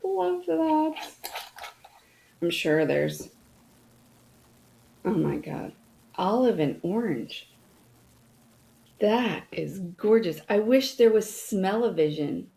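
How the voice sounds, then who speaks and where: A woman's voice: lowish voice, expressive, slow, gravelly, pauses often, dark tone, low-quality recording. A middle-aged woman hosting a casual unboxing chat, talking enthusiastically to her viewers. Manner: chatty, enthusiastic, talks to viewers. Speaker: host reviewing products.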